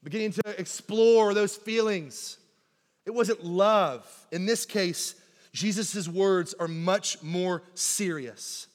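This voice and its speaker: A man preaching a sermon in a church, telling stories in a lively, conversational way and often asking "right?". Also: sits high, slow. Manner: animated conversational storytelling, keeps asking "right?". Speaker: pastor. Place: church sanctuary. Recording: long hall reverb in a church.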